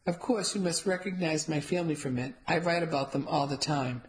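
A woman's voice: sits low, brisk, close to an everyday voice. A woman voicing a proud, self-absorbed father who boasts and makes showy introductions.

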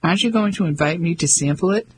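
A boisterous, flirtatious French fisherman who teases and boasts, voiced by a male narrator pitched high and loud. Lively storybook dialogue. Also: quick pace, slight background noise, natural voice. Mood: teasing. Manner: teasing, boisterous.

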